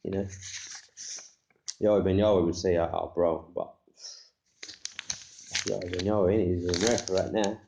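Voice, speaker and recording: Brief: man, low gravelly voice, wandering scripture talk with slang, echoey lo-fi room. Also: level tone, moderate pace, pauses often, mellow. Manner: meandering, quotes scripture, street slang. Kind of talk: rambling religious monologue. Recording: echoey room, dull lo-fi sound.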